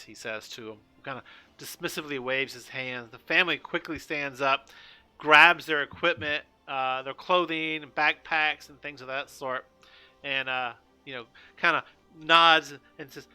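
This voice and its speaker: Bright, clear-voiced game master. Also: male voice, medium pitch, steady tone, soft background music. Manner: halting, many restarts and fillers. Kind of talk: narrating a tabletop game on a live stream.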